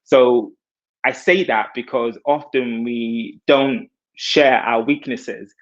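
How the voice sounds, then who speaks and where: A man's voice: medium pitch, fairly even intonation, slow pace. Earnest man on a muffled call. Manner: earnest, reflective, self-deprecating. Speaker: hairstylist guest. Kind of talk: heartfelt conversational sharing.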